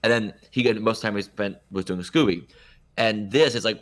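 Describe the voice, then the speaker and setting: A man's voice: fairly low pitch, brisk. A man co-hosting a podcast, chatting casually and quoting movie lines in playful voices. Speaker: podcast co-host. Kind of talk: casual chat.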